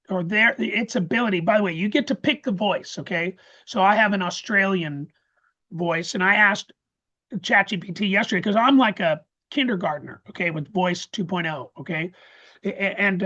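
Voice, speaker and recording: A man presenting a live webinar, talking excitedly with many restarts and stammers over a video call. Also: high voice, lo-fi sound. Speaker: course presenter. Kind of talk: casual live webinar talk.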